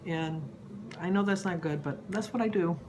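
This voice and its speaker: A woman's voice: fairly low pitch, moderate pace, noisy background. A woman in her sixties vlogging about weight loss in a rambling, chatty way, easily sidetracked. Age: 60s. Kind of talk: casual chat to camera.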